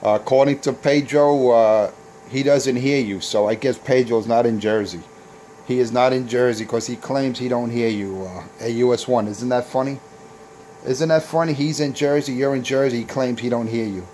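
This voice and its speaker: A man's voice: mid-range voice, fairly even intonation, normal speed, warm tone, slight background noise. A man hosting a casual CB radio video, boasting and taunting rival operators with trash talk. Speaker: CB radio operator and channel host.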